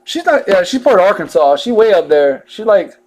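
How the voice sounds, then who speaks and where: Chatty high-voiced man. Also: big pitch swings, brisk, darkish tone. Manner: chatty, drawling, jokey asides while reading out cards. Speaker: card breaker. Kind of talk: casual live card-break chat.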